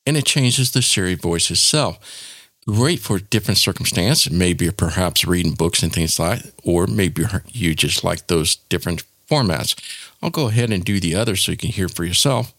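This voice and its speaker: A man hosting a casual software tutorial, explaining each step in an informal, demonstrative way. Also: low-pitched, moderate pace, no room sound, clean studio sound. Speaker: tech tutorial host.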